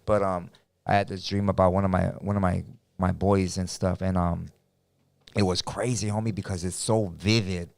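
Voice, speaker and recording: Very low-voiced LA man, slangy podcast co-host. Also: flat delivery, normal speed, vocal fry, a little mellow, no echo, clean studio sound. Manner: street slang, says bro and homie. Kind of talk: casual podcast chat.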